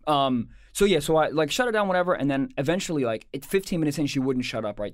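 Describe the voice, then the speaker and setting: A man's voice: on the high side, expressive, quick pace, hardly any pauses, dry recording, studio quality. A young man, a comedian, telling stories in casual chat, swearing and acting out other people's voices. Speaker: comedian and podcast host.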